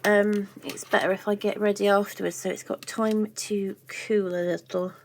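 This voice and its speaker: A woman's voice: medium pitch, flat delivery, moderate pace, a little mellow, a little hiss or hum, rough recording. A chatty woman, baking in her home kitchen and talking playfully as she goes, tossing in silly made-up words. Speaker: baking vlogger. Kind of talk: casual chat while baking.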